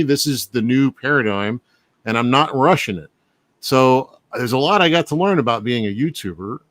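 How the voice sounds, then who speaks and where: A man hosting a casual chat, relaxed and reflective, chuckling often. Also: mid-range voice.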